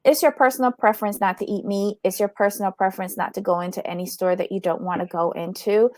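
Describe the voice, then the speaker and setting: A woman co-hosting a podcast, chatting casually about a reality show, frank and opinionated and quick to laugh. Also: mid-range voice, a little mellow, no room sound. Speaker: podcast co-host.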